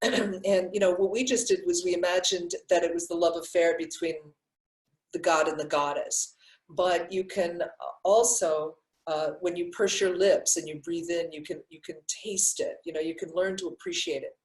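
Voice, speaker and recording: A woman's voice: on the low side, steady tone, normal speed, a little mellow. An older woman, a breathwork teacher, answering questions in a live session and talking in a loose, rambling way with many restarts. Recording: echoey room.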